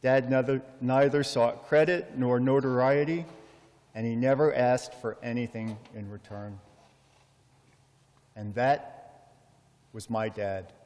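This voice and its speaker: A middle-aged man giving a heartfelt funeral eulogy for his father, measured and full of storytelling pauses. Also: mid-range voice, fairly even intonation, a little mellow. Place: memorial service in a large hall. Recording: long hall reverb.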